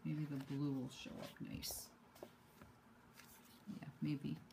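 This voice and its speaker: Lady slowly showing off her handmade cards at her craft table, lowish voice, faint hiss behind. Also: little pitch movement, creaky. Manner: unhurried, self-deprecating, many ums and uhs. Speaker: card-making hobby vlogger. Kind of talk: casual show-and-tell craft demo.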